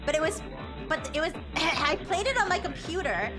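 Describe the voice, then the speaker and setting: A woman's voice: high-pitched, expressive, moderate pace, music in the background. A woman livestreamer in casual chat who rambles, laughs often and says "like" a lot.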